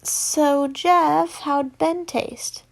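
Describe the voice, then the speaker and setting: A woman's voice: high voice, fairly even intonation, very slow, gravelly, heavily acted. A young woman voicing a mischievous male killer who teases his friends. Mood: teasing.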